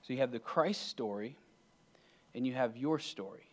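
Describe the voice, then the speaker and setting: A man preaching a sermon as pastor, earnest, swinging between emphatic and hushed delivery. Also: medium pitch, moderate pace.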